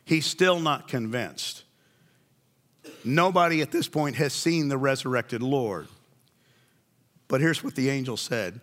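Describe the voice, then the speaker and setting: A man's voice: mid-range voice, expressive, unhurried, pauses often, fairly bright tone. A man preaching a sermon, telling the story in a conversational way and asking his listeners questions.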